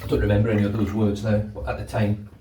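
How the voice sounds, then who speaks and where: A man's voice: on the low side, completely flat delivery, fast talker, background noise. A man vlogging in a rambling, casual way, swearing now and then, while he shaves in a bathroom. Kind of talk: casual chat. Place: bathroom with running water. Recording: echoey bathroom, mic at a distance. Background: running tap water.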